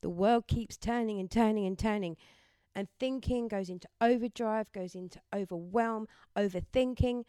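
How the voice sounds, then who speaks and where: A woman giving a gentle, encouraging mindfulness talk and leading listeners through affirmations. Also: mid-range voice, moderate pace, hardly any pauses, clear, resonant tone, no echo. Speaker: self-help speaker.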